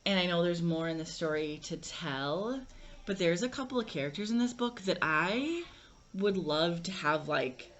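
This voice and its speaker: A woman's voice: lowish voice, animated, normal speed, dull audio. A young woman vlogging a casual book review, rambling with lots of fillers and restarts.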